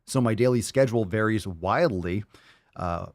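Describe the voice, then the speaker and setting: A man hosting a casual livestream podcast, loud and profane, hyping up listener posts and talking to his dog. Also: lowish voice, normal speed, no echo, studio quality. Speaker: podcast host.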